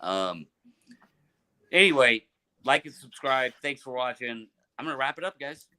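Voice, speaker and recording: A man's voice: mid-range voice, animated, a little slow, pushed and bright, clean tone. A man hosting a casual live talk show, joking and rambling with lots of fillers and restarts. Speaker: podcast host. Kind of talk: casual livestream chat.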